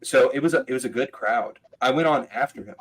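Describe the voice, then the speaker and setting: A man's voice: mid-range voice, a little hiss or hum, poor audio. Man telling a story animatedly. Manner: animated storyteller, quick asides and laughs. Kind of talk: casual podcast chat.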